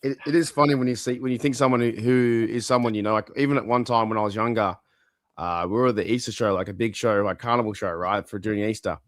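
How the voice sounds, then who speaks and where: A man rattles through rambling stories at a fast clip, swearing freely as he goes. The sound is close and dry, with no room around it. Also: lowish voice, steady tone, no room sound. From Australia. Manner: rambling storyteller, swears casually. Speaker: podcast co-host. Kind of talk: casual chat.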